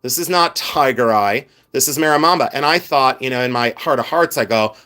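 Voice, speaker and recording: A middle-aged man runs a live stream, talking to viewers and showing off jewelry with lively, rambling chatter full of asides. His voice sits at a medium pitch and moves a little fast.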